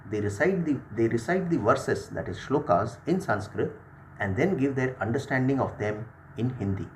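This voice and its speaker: A man delivers a spiritual class, reading lines of scripture and then going back over them to explain. His voice sits in a middle pitch, with faint room ambience behind it. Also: expressive, moderate pace, a little mellow, a little hiss or hum. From India. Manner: reads a passage, then repeats and explains it. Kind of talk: sermon reading with commentary.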